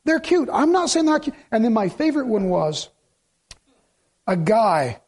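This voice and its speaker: A middle-aged pastor with a strikingly high voice preaches at a moderate pace. He tells stories with animation, taking on the voices of the people he quotes and repeating his points for emphasis.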